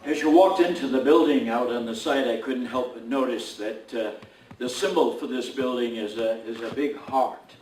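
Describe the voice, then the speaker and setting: Reverend leading a formal dedication prayer, slow and solemn; roomy, distant recording. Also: male voice, medium pitch, darkish tone. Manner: measured, solemn, with slow emphatic phrases. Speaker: clergyman giving a dedication prayer. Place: indoor building dedication event.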